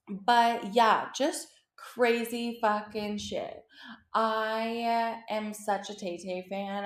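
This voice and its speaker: A young woman hosting a podcast, chatting about pop culture in an excitable, gushing way and swearing freely. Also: medium pitch. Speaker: podcast host. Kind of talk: casual pop culture chat. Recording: roomy echo.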